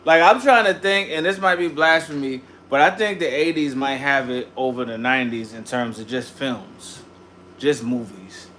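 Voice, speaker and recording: A man's voice: mid-range voice, normal speed, a bit bright, slight background noise. A man hosting a casual livestream, ranting and chatting in slang and greeting viewers by name. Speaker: livestream host.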